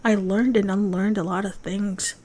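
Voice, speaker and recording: A woman's voice: medium pitch, steady tone, moderate pace, a little mellow. A young woman hosting a podcast, chatting casually and self-deprecatingly with plenty of fillers. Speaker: podcast host. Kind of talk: casual solo chat.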